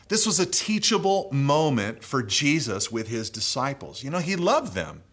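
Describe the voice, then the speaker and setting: A man's voice: very animated, measured pace, few pauses, breathy edge. Earnest man preaching a sermon. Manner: earnest preaching, swinging between raised emphatic phrases and low hushed endings.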